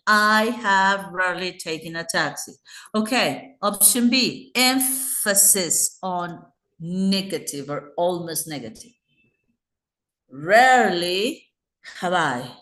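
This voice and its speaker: A woman's voice: mid-range voice, animated, slow, sharp tone, reverberant. A woman with a Mexican Spanish accent teaching English grammar in an online class, patiently explaining and checking in with her students.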